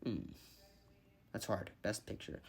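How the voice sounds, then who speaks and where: A man's voice: slow, slight background noise. A man giving a casual movie review vlog, rambling and thinking aloud, swearing freely as he picks his favorites.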